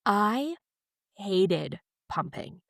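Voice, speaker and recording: A woman's voice: mid-range voice, very slow, creaky, dry recording, studio quality. A young woman on a podcast, telling a personal story in a candid, emotional, confiding way. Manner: emotional, confiding, animated retelling. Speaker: podcast guest.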